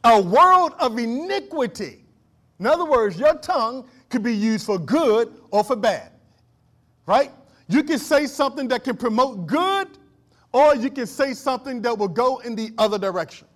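A man's voice: very high voice, animated, normal speed. A man preaching a sermon as pastor, calling on the congregation to answer and building to emphatic declarations. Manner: call-and-response preaching, rising to emphatic declarations. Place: church.

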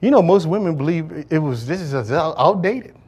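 A male pastor delivering a sermon to a congregation, joking and asking the listeners to fill in words, swinging between loud declarations and low asides. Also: lively intonation, normal speed, breathy edge. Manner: call-and-response preaching, asks congregation to fill in words. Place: church service before a congregation.

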